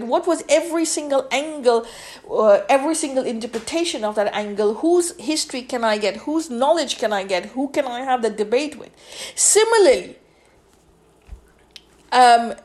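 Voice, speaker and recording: A woman hosting a solo podcast monologue, lecturing emphatically and repeating phrases for weight. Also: sits high. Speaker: podcast host.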